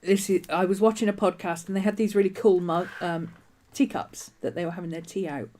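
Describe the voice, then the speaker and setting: A woman's voice: fairly low pitch, steady tone, fairly quick, a little mellow. A woman hosting a casual journaling vlog, chatting in a meandering way with many restarts while a nagging cough keeps bothering her. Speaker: journaling video host. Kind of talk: casual rambling vlog chat.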